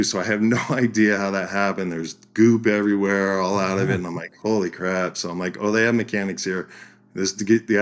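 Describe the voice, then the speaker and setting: A man, a podcast guest, telling a story in a casual way, lively, acting out the voices he quotes and laughing as he goes. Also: fairly low pitch.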